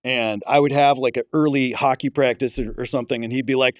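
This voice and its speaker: A man's voice: mid-range voice, fairly even intonation, a little fast, dry recording, studio quality. A man from Pittsburgh, a podcast guest, telling rambling comic stories in casual chat. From Pittsburgh, USA. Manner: rambling anecdotal storytelling.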